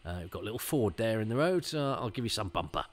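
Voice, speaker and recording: A man's voice: fairly low pitch, expressive, quick pace, lightly acted. A man voicing a cheery male Cockney film cameraman who talks in a chummy, offhand way.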